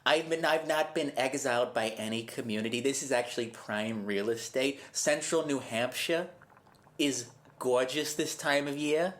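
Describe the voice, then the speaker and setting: A man's voice: medium pitch, moderate pace, a bit bright, lightly acted. Comedy improv: a man playing a doting, gossipy middle-aged witch woman with a Massachusetts accent. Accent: Massachusetts, put on. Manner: gossipy, doting, calls everyone honey. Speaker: podcast co-host doing improv. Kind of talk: comedy improv role-play.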